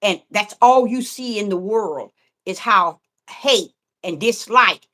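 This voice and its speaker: A middle-aged woman, a self-styled prophetess, preaches fervently online with rhythmic, repetitive emphasis. Her medium-pitched voice is pushed and bright with lively intonation, and she takes her time.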